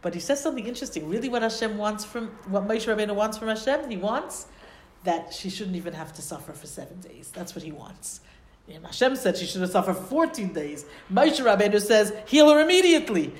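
A woman's voice: medium pitch, animated, a little fast. A woman giving a Torah lesson, explaining Hebrew phrases and asking rhetorical questions. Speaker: Torah teacher. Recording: roomy echo.

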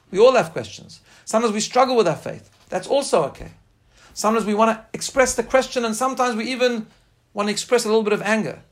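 A man giving an informal class on faith, speaking earnestly and emphatically and weaving in personal stories. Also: high voice. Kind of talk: informal spoken class lecture with personal anecdotes.

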